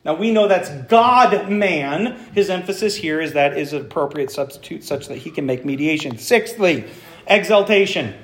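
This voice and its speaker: A high-pitched man preaches a sermon, drawing his congregation in with questions. His voice rings through an echoey church sanctuary. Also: lively intonation, moderate pace, fairly bright tone. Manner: engaging, asks the congregation questions. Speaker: pastor. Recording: echoey room.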